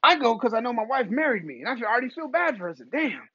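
A man hosting a podcast, delivering a profane, animated comedic rant. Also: extremely high pitch, very fast, breathy edge, dry recording, muffled recording. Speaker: podcast host.

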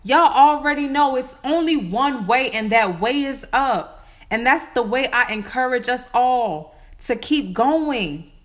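A woman's voice: high voice, animated, unhurried. A woman in her late twenties giving a motivational self-healing talk in repeated, affirming phrases. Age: 20s. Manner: repetitive, affirming, incantatory. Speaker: spiritual vlogger.

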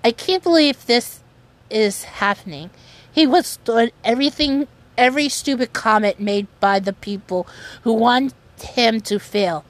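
A woman giving casual commentary on online news in an earnest, halting way, often restarting her sentences. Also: on the high side. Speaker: commentary vlogger.

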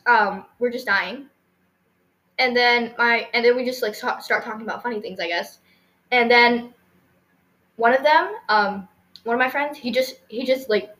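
Teen girl podcast host, bright high voice, giggly and rambly, echoey room. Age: teens. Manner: giggly, rambling, lots of fillers. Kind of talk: casual storytelling chat.

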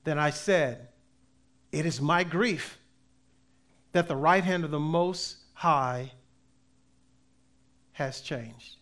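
A man preaching a sermon as pastor, with emphatic delivery that swings between loud and soft and slow readings of scripture. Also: fairly high pitch. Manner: reads scripture aloud slowly.

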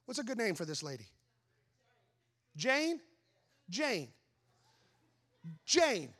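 Male pastor, very high pitch, animated sermon storytelling with rhetorical questions. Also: slow. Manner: animated storytelling with voiced asides.

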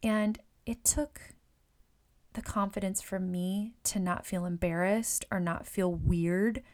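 A woman's voice: mid-range voice, steady tone, takes it slowly, darkish tone. A woman who works as a hairstylist and Reiki practitioner, casually coaching fellow stylists and acting out client chats. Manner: chatty, often acts out client conversations; repeats words and uses fillers.

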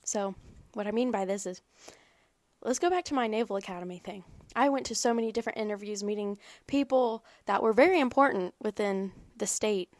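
A woman's voice: medium pitch, a little fast, no room sound. A young woman giving an earnest, rambling personal talk about faith and prayer. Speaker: faith vlogger.

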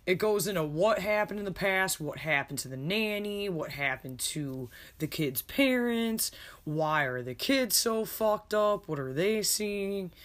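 A man's voice: high voice, lively intonation, measured pace, a bit bright. Casual, profane man reviewing a show. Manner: rambling, profane, self-deprecating. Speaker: podcast host reviewing a show.

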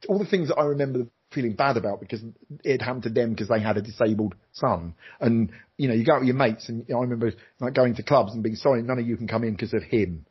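Guy middle-aged, very breathy raspy voice, tells his story with lots of energy, bit muffled recording. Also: fast. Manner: animated, jumps into high voices for quoted lines. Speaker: interview guest, former TV presenter. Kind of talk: candid personal storytelling. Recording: slightly dull lo-fi sound.

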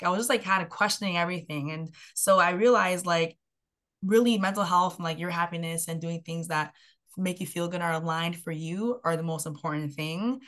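A young woman shares her own story in a podcast interview, her pitch sitting a touch low. She talks in an animated way, leaning on "like" and acting out what she said back then. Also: a little fast. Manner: animated storyteller, filler-heavy with frequent "like". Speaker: guest, health and mindset coach.

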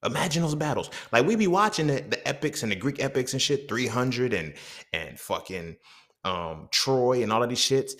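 A man's voice: mid-range voice, expressive, normal speed, a bit bright. A man hosting a podcast, talking in a casual, profane monologue full of rhetorical questions. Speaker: podcast host.

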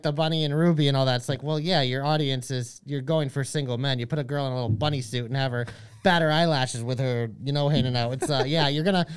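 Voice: medium pitch, clear, resonant tone. A podcast co-host talking casually and emphatically, hyping up picks. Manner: fast, emphatic, hyping with lists. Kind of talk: casual opinionated chat.

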